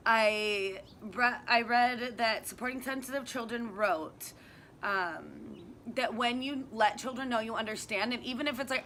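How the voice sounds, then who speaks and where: A woman's voice: medium pitch, pushed and bright, a little hiss or hum. A woman who teaches youth yoga, talking earnestly in a casual outdoor discussion and thinking aloud with plenty of fillers. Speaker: youth yoga and wellness instructor. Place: outdoors in sunny weather.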